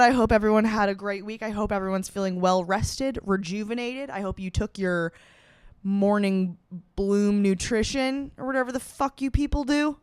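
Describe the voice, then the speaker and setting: A woman's voice: medium pitch, clear, resonant tone, no echo, studio quality. A young woman hosting a comedy podcast, rambling in a chatty, sarcastic way and swearing freely. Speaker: podcast host. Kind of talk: casual comedic monologue.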